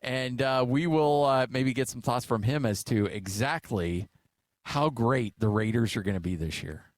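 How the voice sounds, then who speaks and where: A man in his forties hosts sports talk radio, chatting and telling stories with plenty of fillers. His voice sits at a middle pitch. The studio sound is dry and close. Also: moderate pace, no room sound. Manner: chatty storyteller, many "uh" fillers. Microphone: studio microphone.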